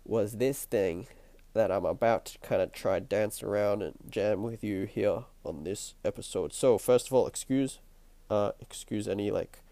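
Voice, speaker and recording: A man hosting his own podcast with a stuffy, nasal voice and a croaky throat, musing in a reflective spiritual monologue and repeating his phrases as he thinks aloud. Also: on the low side, measured pace, mellow, no echo. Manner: musing, repeats phrases, chuckles between thoughts. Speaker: podcast host. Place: at home at night.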